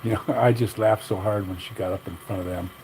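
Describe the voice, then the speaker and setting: A man's voice: on the low side, steady tone, fairly quick, vocal fry, a little mellow, a little hiss or hum, low-quality recording. Blunt older man ranting on a livestream. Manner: blunt, opinionated, rambling. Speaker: livestream host. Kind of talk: casual livestream rant.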